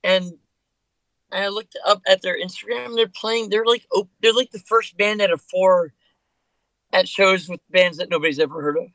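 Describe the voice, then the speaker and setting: A man with a high, bright voice chats as a guest musician on a podcast. He rambles loosely, restarting his sentences often. The recording is dry and close. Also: fairly even intonation, moderate pace, dry recording, rough recording. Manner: rambling, with many fillers and restarts. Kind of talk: casual podcast conversation.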